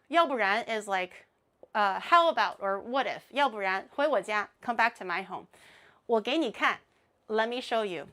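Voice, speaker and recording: A woman's voice: mid-range voice, sharp tone. A woman streamer in casual livestream chat, playful and giggly, laughing often and rambling with plenty of fillers. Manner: chatty, rambling with many fillers.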